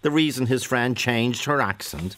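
An Irish man hosting a phone-in radio show, chatty and quick with his questions, often restarting mid-sentence. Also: mid-range voice, fairly bright tone. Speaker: radio host. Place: radio studio. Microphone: studio microphone.

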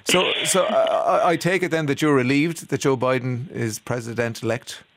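A man's voice: mid-range voice, normal speed, fairly bright tone, no echo. A man hosting a radio phone-in, chatty and teasing, laughing often. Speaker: radio host. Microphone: studio microphone.

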